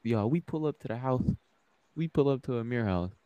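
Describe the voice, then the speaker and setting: The audio is dull with slight background noise as a young man with a mid-range voice speaks fairly quickly. He co-hosts a podcast, telling profane, casual stories and bringing quoted dialogue to life in an animated way.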